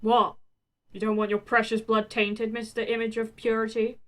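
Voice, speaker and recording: A woman voicing a gruff, foul-mouthed young male fighter who snarls sarcastic insults. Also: high-pitched, steady tone, measured pace, bright, forceful tone. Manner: snarling, sarcastic, swears constantly.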